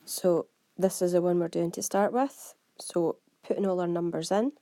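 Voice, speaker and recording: A woman's voice: lowish voice, mellow, no echo, studio quality. A woman with a Scottish accent, a maths teacher working through exam questions step by step and talking straight to her students. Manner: brisk, step-by-step, talks to students directly. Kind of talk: exam walkthrough lesson.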